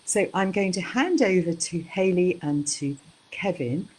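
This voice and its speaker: A woman's voice: fairly low pitch, animated, measured pace, a little mellow, breathy edge, rough recording. A woman from the United Kingdom introducing speakers at an online event, polite and hesitant with many ums. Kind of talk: formal introduction.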